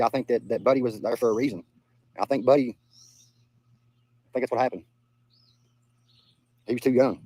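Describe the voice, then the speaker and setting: Over poor audio comes a medium-pitched, slightly mellow male voice. It belongs to a young Southern livestreamer reading his chat aloud, whose replies are casual, blunt and full of swearing, with frequent repetition.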